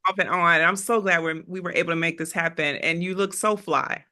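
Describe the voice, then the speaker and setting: Bright-voiced, effusive woman podcast host. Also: lowish voice, steady tone, fairly quick. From East Coast of the US. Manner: upbeat, effusive, laughs often. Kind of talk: casual podcast chat.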